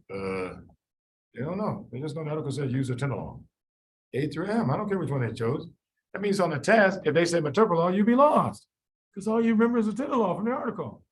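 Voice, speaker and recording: A man lecturing a room of medical students, firing questions at them and answering them himself. His voice sits a little high and swings widely, jumping up for emphasis and then dropping low and soft for an aside. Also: slight background noise, low-quality recording. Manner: animated, quizzes students, quick asides with sudden quiet drops. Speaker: medical board review lecturer. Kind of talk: live classroom lecture.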